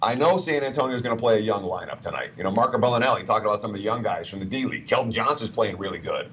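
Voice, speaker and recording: A man's voice: lowish voice, expressive, rapid-fire, a bit bright, dull audio. A man giving sports betting analysis in a chatty, conversational way. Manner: chatty, reads out quotes.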